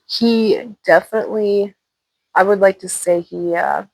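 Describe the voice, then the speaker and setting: A woman's voice: medium pitch, fairly even intonation, measured pace, darkish tone, no echo. A woman from Washington State, hosting her channel and casually telling paranormal stories with loose, chatty asides. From Washington State, USA. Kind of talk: casual storytelling.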